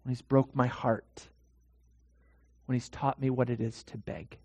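A pastor delivering a dramatic sermon in a church, swinging from hushed to loud. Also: medium pitch, flat delivery, unhurried, no room sound, in a large hall.

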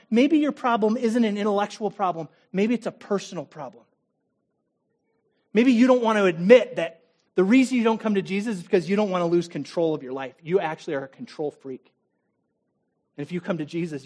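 A man preaching a sermon as pastor, dramatic and direct, swinging between loud emphasis and hushed, intimate tones, and challenging his listeners. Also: sits high.

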